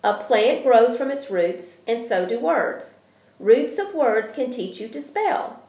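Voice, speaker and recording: A woman's voice: on the high side, lively intonation, slow, a little mellow, pitched above the performer's own voice. A woman voicing a cross, frail old woman in a storybook, speaking sharply. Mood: teaching. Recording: roomy echo.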